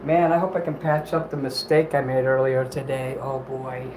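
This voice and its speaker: A man's voice: medium pitch, little pitch movement, normal speed, noisy background. A man hosting a casual livestream from home, reading chat while he eats and rambles in an apologetic way, swearing here and there.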